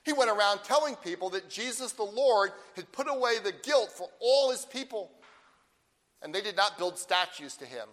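A man preaching a sermon as pastor, asking the congregation "right?" and reading scripture slowly and deliberately. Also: high-pitched, animated, fairly bright tone, big-room sound.

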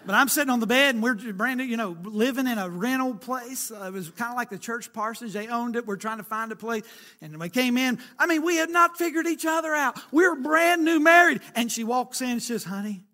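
A man in his forties preaching with a folksy, storytelling delivery. His voice sits very high for a man and rings bright and forceful, rising and falling as he drives each point home. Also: brisk. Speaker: pastor. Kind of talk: sermon.

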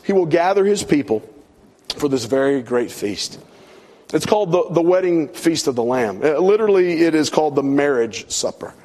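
A middle-aged pastor delivers a sermon, his voice sitting a touch higher than most men's. He builds his points with rising repetition, then lets his voice fall soft and low for the key lines. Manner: preaching with swelling emphasis and soft drops.

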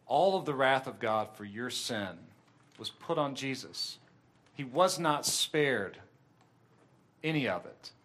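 A man's voice: medium pitch, lively intonation, slow, pauses often, fairly bright tone. A man preaching a sermon with earnest, emphatic delivery that swells and drops in intensity.

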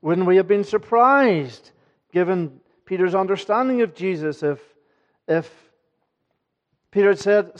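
A man's voice: sits high, lively intonation, measured pace, long pauses, muffled recording. A man preaching an evening sermon to his congregation, earnest and emphatic, often asking rhetorical questions. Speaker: pastor. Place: church.

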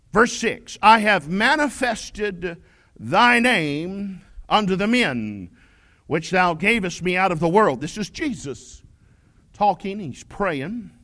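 A male pastor preaching a sermon, stressing his points and reading scripture slowly. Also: high voice. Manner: preaching with rising shouted emphasis and slow scripture reading.

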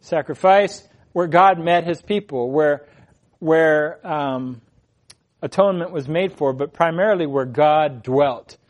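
Earnest preacher man, slightly high voice. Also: slow pace, highs cut off. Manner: earnest, emphatic, swells louder on key phrases. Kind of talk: expository sermon.

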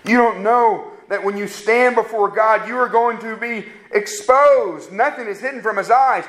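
Man, preacher, fervent sermon, fairly high voice, echoey hall sound. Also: moderate pace, fairly bright tone. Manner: fervent, rising to emphatic preaching.

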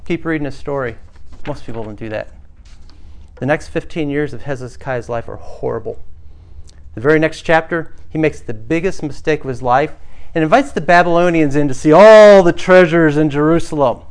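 A man's voice: fairly high pitch, moderate pace, smooth. Earnest man preaching a sermon. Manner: earnest, rhetorical questions to the congregation. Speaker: pastor.

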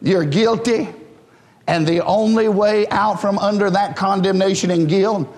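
High-voiced fervent preacher in a hall. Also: male voice, fairly even intonation, a little slow, a little mellow. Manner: fervent, preaching in a rising call-and-response style. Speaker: pastor. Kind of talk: sermon. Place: church sanctuary.

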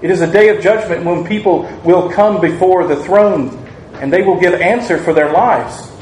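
Guy preaching a sermon, fairly high voice, big echoey church sound. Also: moderate pace, a little mellow. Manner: earnest preaching with rhetorical questions and acted-out quotes. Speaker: pastor. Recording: echoey room, faint ambient noise.

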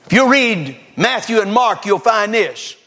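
A man preaching a revival sermon, swinging between loud exhortation and hushed scripture reading, full of folksy rhetorical questions. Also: sits high, expressive, a little slow.

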